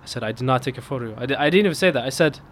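A man's voice: rapid-fire, slight background noise. A man telling a funny personal story in a casual chat, breaking into laughter as it builds. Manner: laughs through the punchline, voice climbs high with excitement.

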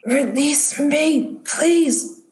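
Woman doing a raspy entranced young man. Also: high-pitched, a little mellow, pitched above the performer's own voice. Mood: pleading. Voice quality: raspy, whispery. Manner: slow, drawn-out pleading. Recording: roomy echo.

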